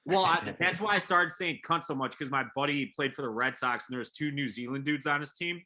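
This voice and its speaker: Bright-voiced Chicago man rambling. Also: a little high, fairly quick. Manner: rambling, heavy swearing, filler-laden. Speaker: podcast co-host. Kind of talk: casual storytelling chat.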